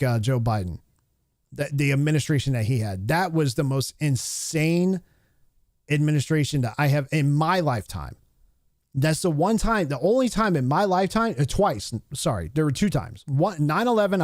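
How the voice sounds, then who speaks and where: Male streamer in his thirties, blunt and profane, fairly high-pitched, recorded dry and close. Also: a little mellow, no echo. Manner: rambling and heated, with frequent restarts and fillers. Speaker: live stream host. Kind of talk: casual opinion rant on a live stream.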